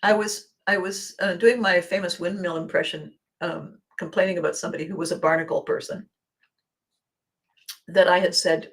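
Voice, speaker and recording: A woman from Canada hosting a solo motivational podcast, talking in an animated, playful way and laughing often. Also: on the low side, measured pace, long pauses. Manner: animated and playful, laughs often, acts out little quoted exchanges. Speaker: podcast host.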